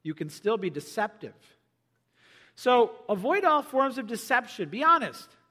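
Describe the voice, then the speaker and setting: Male pastor, high voice, animated sermon delivery, long reverb. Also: a little slow. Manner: animated, acts out quoted voices.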